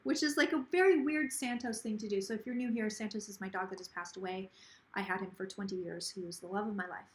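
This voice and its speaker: A woman's voice: a little high, fairly bright tone, reverberant. A tipsy woman hosting a casual psychic livestream on her phone, rambling and gossipy, swearing freely and slurring a little.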